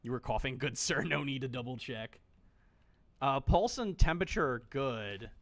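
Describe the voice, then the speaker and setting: Animated joking male game streamer. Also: medium pitch, moderate pace. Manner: joking, swears freely, talks to game characters. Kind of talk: casual gameplay commentary.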